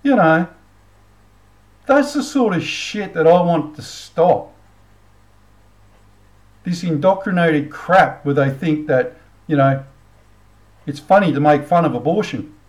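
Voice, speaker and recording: A man's voice: on the high side, lively intonation, takes it slowly, long pauses, rough recording. A middle-aged Australian man hosting a commentary channel, ranting bluntly with casual swearing, then leading a prayer. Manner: blunt, heated, swears freely. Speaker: channel host.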